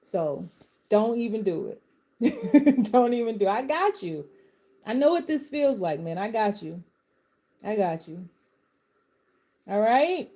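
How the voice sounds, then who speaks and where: Impassioned woman with a warm, mellow voice. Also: on the high side, big pitch swings, slow pace, long pauses. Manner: impassioned, swings from soft comfort to fired-up outbursts; uses Southern vernacular. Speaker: live tarot reader. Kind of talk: live-stream reading and pep talk.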